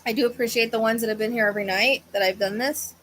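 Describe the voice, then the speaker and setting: A woman's voice: a little high, steady tone, fast, fairly bright tone, a little hiss or hum, low-quality recording. A woman hosting a psychic livestream, chatting casually in a tired, hesitant, rambling way with many fillers, yawning at times. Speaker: psychic medium livestream host. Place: at home with a fan running.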